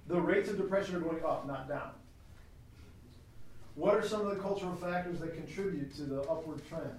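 A man teaching a Christian class in a lecture style that is chatty and animated, with asides, recorded from a distance in a classroom. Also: on the high side, fairly quick, a little hiss or hum. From United States. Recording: very echoey room, mic at a distance.

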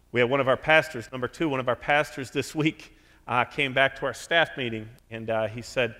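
A man preaching a sermon from a church sanctuary, animated and lively, acting out the quotes he tells. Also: brisk. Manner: animated, acts out quotes with big pitch jumps. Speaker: pastor. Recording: reverberant church hall.

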